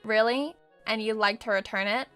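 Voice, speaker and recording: A woman voicing a bored cartoon store clerk with a drawling, condescending delivery, pitched low against the narrator's usual bright voice. Faint music plays behind her. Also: moderate pace, close to an everyday voice. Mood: smug.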